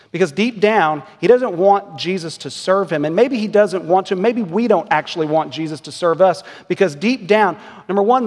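A man in his thirties preaching a sermon in a church, earnest and measured, pressing his point with emphatic rhetorical questions. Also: high-pitched. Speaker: pastor. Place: church sanctuary. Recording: long church reverb.

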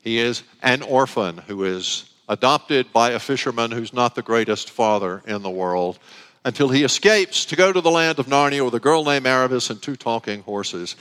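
A male pastor preaches in a church, telling a story with real expression and slowing down to stress key words. His mid-pitched voice moves lively up and down. A long reverb from the church hall trails behind each phrase. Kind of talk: sermon with a story read aloud.

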